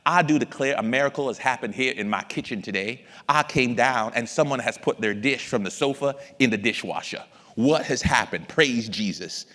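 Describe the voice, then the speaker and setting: A man doing an impression of a blustering cartoon rooster, with a loud, pompous drawl and grand declarations, in a reverberant hall. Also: mid-range voice, expressive, normal speed. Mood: grandly loud.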